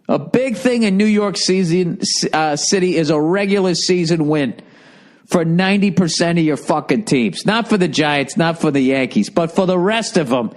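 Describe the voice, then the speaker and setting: A man's voice: on the high side, darkish tone. A man hosting a podcast, delivering a profane, sarcastic comic rant, mocking and riffing loosely. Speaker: podcast host.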